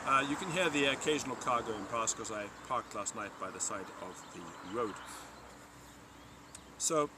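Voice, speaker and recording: A man teaching a Latin vocabulary lesson from a dictionary, repeating each Latin word slowly and clearly for learners, recorded by a roadside. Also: lowish voice, expressive, background noise. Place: parked by a roadside in a river valley, outdoors or in a vehicle.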